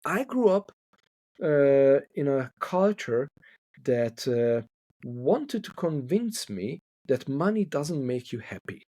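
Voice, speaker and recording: Slow and mellow, his medium-pitched voice swings widely in pitch, with no room sound in the clip. He's a Hungarian couple therapist using English as a second language, speaking thoughtfully in a podcast interview and repeating words as he gropes for them.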